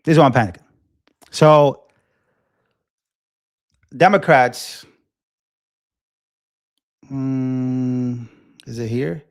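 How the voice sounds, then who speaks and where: A man in his twenties hosting a livestream, talking in an impassioned, animated way and often repeating himself while answering chat. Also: mid-range voice, drawn-out words, long pauses. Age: 20s. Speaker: livestream host.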